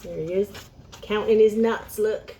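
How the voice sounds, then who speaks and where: A woman's voice: medium pitch, steady tone, measured pace, gravelly, dark tone. A young woman reading a picture book aloud, chatting to young listeners between lines. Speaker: storyteller.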